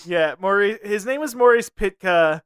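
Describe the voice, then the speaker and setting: Young male podcast co-host, bright crisp voice, dry close mic, giggly and scattered. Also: high-pitched, lively intonation, moderate pace, dry recording. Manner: laughs often, trails off searching for names. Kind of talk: casual chat.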